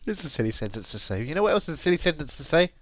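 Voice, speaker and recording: A man's voice: on the high side, very animated, very fast, no room sound. A man co-hosting a podcast, chatting casually and sarcastically, laughing often. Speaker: podcast co-host. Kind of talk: casual comedic chat.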